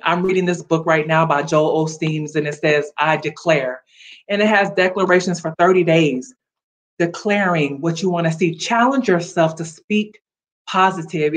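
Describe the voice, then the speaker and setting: A woman hosting a motivational livestream, encouraging viewers directly with a preachy, upbeat manner. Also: on the low side. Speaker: livestream host. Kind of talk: casual motivational livestream talk.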